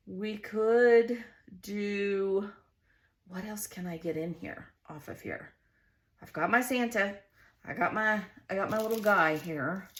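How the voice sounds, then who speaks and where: Slow, musing Southern woman crafting. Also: lowish voice. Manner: chatty, musing to herself while arranging stickers. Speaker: scrapbooking host. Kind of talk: casual craft vlog, thinking aloud.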